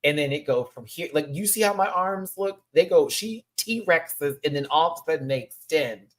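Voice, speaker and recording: A woman chatting in a live review of a show, animated and gushing, laughing often. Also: low-pitched, normal speed.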